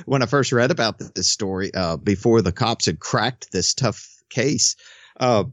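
A man co-hosting a podcast, chatting casually with sarcastic, animated commentary and frequent halting restarts. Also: lowish voice, dry recording, lo-fi sound. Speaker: podcast co-host. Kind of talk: casual opinion chat.

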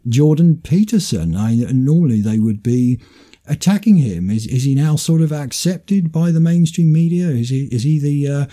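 A man's voice: on the high side, mellow. A man hosting a political commentary show, making dry, sarcastic remarks. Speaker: host.

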